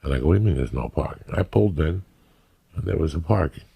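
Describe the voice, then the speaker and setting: Speaking fast in a dark, husky bass with vocal fry, this expressive Cuban-American man in his fifties is a comedian appearing as a podcast guest. He spins brash, swear-laden comic tales, playing each person in them.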